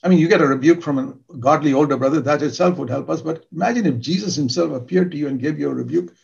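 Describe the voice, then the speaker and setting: A man's voice: fairly high pitch, fast, creaky, a little mellow, lo-fi sound. An older man preaching a sermon in an earnest, emphatic way, repeating key words for stress.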